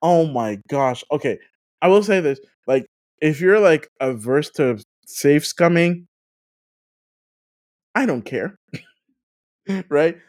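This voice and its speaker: Casual gaming podcast host, animated storyteller, lively swooping pitch. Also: slow, long pauses. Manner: animated, full of "like" fillers; laughs through stories.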